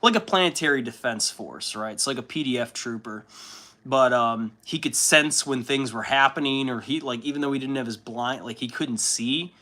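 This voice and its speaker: A man's voice: medium pitch, moderate pace, bright, forceful tone. A man hosting a casual hobby livestream, rambling and swearing with lots of fillers and laughs. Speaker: livestream host. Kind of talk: casual chat during a hobby stream.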